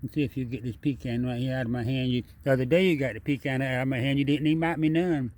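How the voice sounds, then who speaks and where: A man's voice: medium pitch, fairly even intonation, fast, a little mellow. A man narrating a casual vlog outdoors at night, chatty and repetitive, talking straight to the animal while holding the camera. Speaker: wildlife video maker. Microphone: handheld camera.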